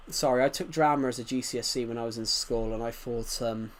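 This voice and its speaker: A man's voice: medium pitch, slight background noise. A man in his twenties with a thick rural British accent, chatting casually and rambling to his chat as a game streamer. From United Kingdom. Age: 20s.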